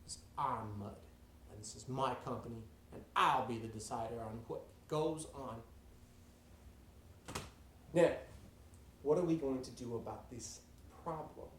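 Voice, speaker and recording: A man voicing a furious, bossy male villain who runs a company, shouting and blustering in a raised voice. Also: mid-range voice, unhurried, long pauses, reverberant, slight background noise, close to an everyday voice.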